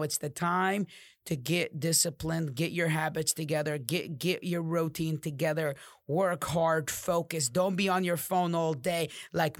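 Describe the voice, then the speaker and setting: Male podcast host, motivational rant, heavy cursing, dead-dry close mic. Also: dry recording. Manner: profane, fired-up preaching with sudden drops to low growls. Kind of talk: motivational monologue.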